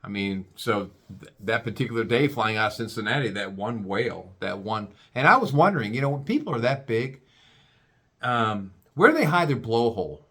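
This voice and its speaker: A man's voice: lowish voice, very animated, moderate pace, fairly bright tone. A man ranting in a rambling, crude comic way, stammering and restarting often.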